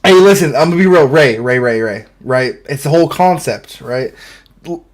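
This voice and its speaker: A man's voice: medium pitch, moderate pace. A man in casual livestream chat who rambles and trails off mid-sentence.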